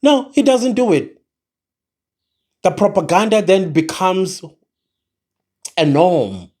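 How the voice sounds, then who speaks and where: Slow, animated South African vlogger. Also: medium pitch. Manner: exasperated, switches into Zulu mid-sentence. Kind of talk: opinion commentary to camera.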